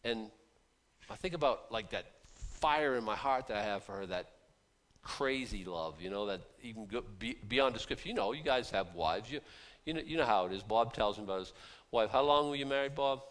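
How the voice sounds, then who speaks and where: A middle-aged preacher with a lowish, lively voice speaks briskly, giving a casual, folksy sermon to a small group. He talks conversationally, drops into quiet asides, then builds to loud, emphatic bursts, often repeating words and restarting sentences.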